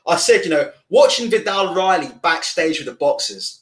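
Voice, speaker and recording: A man hosting a live boxing stream, reading viewer comments and ranting loudly in a deliberately amped-up, swearing way. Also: on the high side, big pitch swings. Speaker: boxing channel host.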